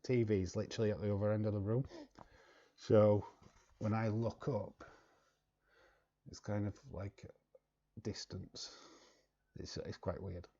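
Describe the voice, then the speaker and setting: A man with a London accent hosts a relaxed home live stream, chatting with viewers and humming idly between comments. His voice sits low and gravelly with a mellow tone, and the audio comes through dull and lo-fi. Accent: London English. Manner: chatty, laughs often, fills pauses with humming. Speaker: wrestling live-stream host. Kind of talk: casual live-stream chat reading comments. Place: living room at home, lit by a video light.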